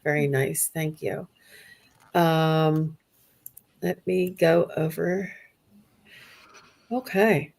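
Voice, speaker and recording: A woman hosting a spiritual livestream, soft-spoken and gushing as she thanks her viewers. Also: sits low, steady tone, extremely slow, gravelly, pauses often. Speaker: livestream host. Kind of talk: live stream chat.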